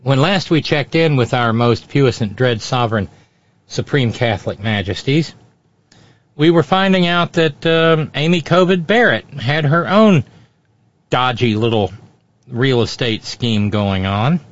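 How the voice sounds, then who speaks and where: A man's voice: mid-range voice, lively intonation, a little slow. A man hosting a sarcastic political commentary show, with mocking asides. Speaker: host. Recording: dry, dull lo-fi sound.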